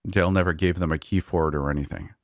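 A laid-back young man speaks casually, with a joking, reassuring manner, as voiced by a male storyteller. His voice is very low and recorded dry and close. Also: fairly even intonation, fast, no room sound.

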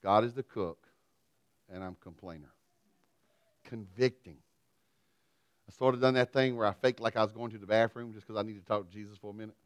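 A middle-aged man, preaching a sermon through a folksy, self-deprecating personal story, swinging from loud to quiet. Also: on the low side, fairly even intonation, a little fast, pauses often, clear, resonant tone, dry recording. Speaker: pastor.

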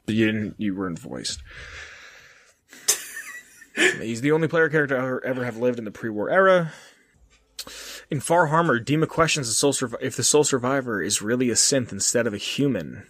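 A man's voice: mid-range voice, expressive, fairly quick, long pauses, fairly bright tone, a little hiss or hum. A man on a casual podcast, reading out game trivia and ranting with lots of swearing and laughter. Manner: profane, ranting, laughs often. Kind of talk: casual chat.

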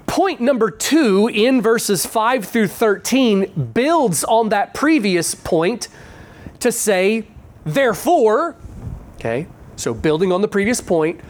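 A pastor walking a congregation through scripture in a morning sermon. The voice sits at an ordinary middle pitch and drops into slow, deliberate stretches to land key words, then circles back to restate each point a second and third way. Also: sing-song. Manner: slows down sharply to stress key words and phrases; restates points in repeated phrasing. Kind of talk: expository sermon.

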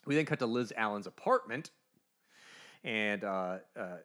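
A man's voice: lowish voice, unhurried. A man co-hosting a podcast, recapping a comic book in casual chat, briefly putting on the characters' voices as he tells it. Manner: animated storyteller, briefly voicing characters. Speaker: podcast co-host.

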